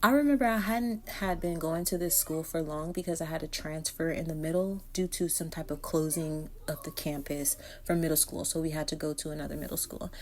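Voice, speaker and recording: A woman's voice: deep voice, a little fast, few pauses. A woman hair vlogger telling a casual storytime while she does her hair, acting out each quote with energy. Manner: animated storyteller who acts out every quote.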